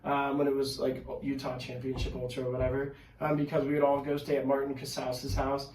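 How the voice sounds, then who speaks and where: A man guesting on a podcast, telling his stories in casual chat, animated and full of fillers, swearing freely. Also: medium pitch, a little fast, a little hiss or hum. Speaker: podcast guest, pro wrestler. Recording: echoey room, mic at a distance.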